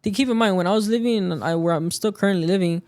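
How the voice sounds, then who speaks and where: A podcast guest with a high, fast, darkish voice tells a story about his job in casual conversation, acting out the lines of the people he quotes.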